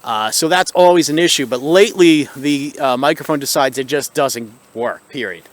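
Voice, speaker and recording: Speaking directly to his channel's audience, a man delivers an exasperated, sarcastic rant as vlog commentary. He has a mid-range voice at a moderate pace, and the audio comes from his camera's built-in microphone.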